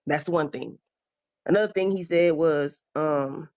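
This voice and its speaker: A male caller talking hesitantly, pausing with fillers as he searches for his words. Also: fairly high pitch, a little mellow, no room sound, highs cut off.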